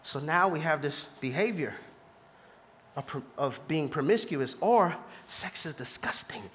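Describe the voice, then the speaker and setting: A man preaching a sermon to a live church congregation, moving from hushed asides to shouted peaks and laughing along with the crowd. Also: a little high, expressive, unhurried, slight background noise. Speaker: pastor.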